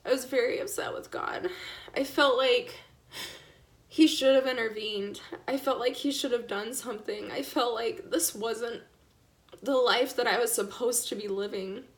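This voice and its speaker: A woman's voice: on the high side, steady tone, a little slow. Tearful young mother telling her story. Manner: frequent "like" and "um" fillers, candid. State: tearful, apologizing for crying. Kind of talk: emotional personal storytelling. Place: live stream.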